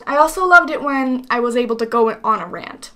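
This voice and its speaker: Chatty high-voiced young-sounding woman. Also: expressive, fairly quick, sharp tone. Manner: rambling, chatty, lots of fillers. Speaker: voice actor. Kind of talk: casual interview monologue.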